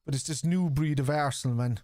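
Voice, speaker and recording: Irish man, middle-aged, casual live-stream banter, swears, fairly high voice, dry sound. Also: fairly quick, dark tone, dry recording. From Ireland. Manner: chatty, swears, reads out chat and reacts to play. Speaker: football watchalong streamer.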